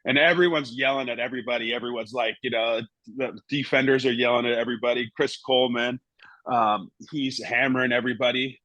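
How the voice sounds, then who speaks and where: A man's voice: mid-range voice, fairly even intonation, fairly quick, sharp tone, no room sound, low-quality recording. Rambling middle-aged male storyteller. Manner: rambling, full of "you know" and "right?". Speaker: guest, former goalkeeper. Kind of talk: casual anecdote telling.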